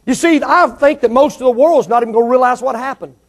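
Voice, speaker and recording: A male preacher delivering a sermon, moving between quiet storytelling asides and loud, emphatic declarations. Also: fast talker. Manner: swings from low asides to loud ringing declarations.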